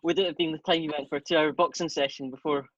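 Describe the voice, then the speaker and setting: A man hosting an interview, putting brisk, short questions to his guest. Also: a little high, steady tone, fairly bright tone, no echo. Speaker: interview host. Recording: dull dry lo-fi sound.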